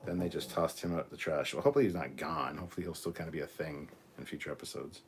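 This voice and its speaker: A man's voice: extremely low pitch, steady tone, fast. A man hosting a live stream, reading out chat comments in a casual, crude way with plenty of swearing. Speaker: host.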